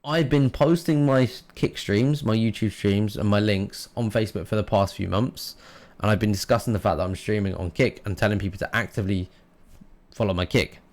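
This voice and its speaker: A man's voice: fairly low pitch, fairly quick, darkish tone. A man hosting his own podcast, talking frankly and casually with plenty of fillers and the odd swear word. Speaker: podcast host and streamer. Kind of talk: casual solo podcast monologue.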